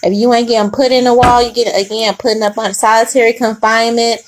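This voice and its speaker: A woman's voice: a little high, little pitch movement, quick pace, slight background noise. Blunt, profane woman tarot reader. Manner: blunt, profane, laughing, preachy asides. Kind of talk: casual tarot reading monologue.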